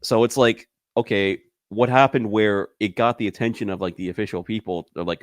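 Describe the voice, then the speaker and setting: Low-voiced man chatting loosely. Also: brisk, dry recording, studio quality. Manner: loose and rambling, heavy on fillers, laughs often. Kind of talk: casual chat.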